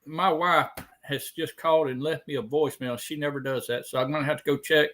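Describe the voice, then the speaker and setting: A man who joined the live stream as a guest, talking in a friendly, halting way with many restarts. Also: fairly high pitch, fairly even intonation, a bit bright. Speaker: guest caller. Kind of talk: casual chat.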